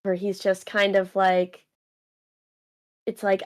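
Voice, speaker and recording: A woman with a smooth, clear voice chats as a guest on a casual reaction stream. She is lively and reads passages aloud, laughing easily as she goes. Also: mid-range voice, slow pace, long pauses. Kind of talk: casual live manga reaction.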